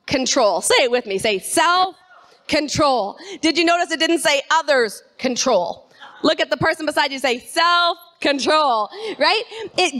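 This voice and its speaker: Woman preacher, high voice, energetic sermon, call-and-response with the congregation. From Canada. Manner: energetic, calls on the congregation to repeat phrases. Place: church sanctuary.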